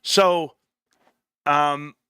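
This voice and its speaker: A man hosting a live stream, telling stories in an animated, slangy, emphatic way. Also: on the high side, very slow, clear, resonant tone, dry recording, clean studio sound. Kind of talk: casual live-stream chat.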